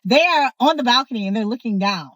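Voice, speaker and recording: A young woman telling a personal story in a casual, sassy, animated way, speaking straight to her viewers. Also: fairly high pitch, fast talker, no room sound, low-quality recording. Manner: animated, sassy, talks to the viewer, acts out others' voices. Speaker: storyteller host.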